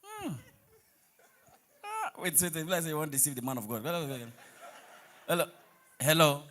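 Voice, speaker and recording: Nigerian male stand-up, lively swooping delivery, teasing crowd work with pidgin asides. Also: on the high side, moderate pace. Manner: teasing, mixes pidgin, breaks into song. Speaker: comedian on stage.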